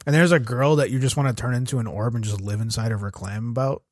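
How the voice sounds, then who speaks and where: A man's voice: medium pitch, quick pace, no echo, clean studio sound. A man co-hosting a casual podcast who jokes crudely and sarcastically. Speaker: podcast co-host. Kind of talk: casual chat.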